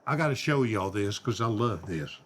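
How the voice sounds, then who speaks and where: An older man, hosting and telling animated stories about his paintings and friends. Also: on the low side, moderate pace, a little hiss or hum. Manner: animated storyteller, quotes friends in their voices. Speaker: host, singer and painter. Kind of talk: storytelling conversation.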